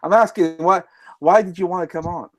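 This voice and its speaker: A man's voice: high voice, fairly even intonation, fairly quick. A man hosting a casual online chat show, stammering and repeating words as he asks questions. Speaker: stream host.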